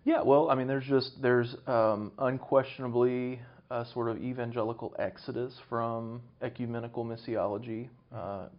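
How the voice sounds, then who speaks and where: A man speaking as an interview guest, measured and academic, thinking aloud as he explains. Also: mid-range voice, fairly even intonation. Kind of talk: conversational interview. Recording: dull lo-fi recording.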